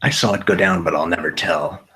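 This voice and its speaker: A man's voice: sits low, steady tone, fairly quick, noisy background. A man hosting a casual livestream, rambling and profane, often repeating himself. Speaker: livestream host.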